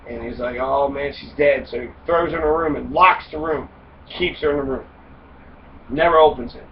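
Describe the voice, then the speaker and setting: A man with a slightly high voice talks a little fast as he retells a fairy tale for laughs on his podcast. He's profane and wisecracking, rambling with fillers, and the recording is lo-fi and dull from a distant mic, with faint noise.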